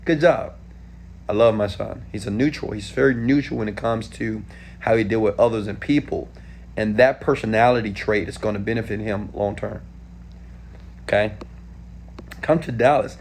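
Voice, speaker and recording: A man in his thirties from Houston, Texas, answering viewer questions in a casual live stream, animated and talking straight to viewers. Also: lowish voice, moderate pace, slight background noise. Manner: animated, talks straight to viewers with frequent "okay?".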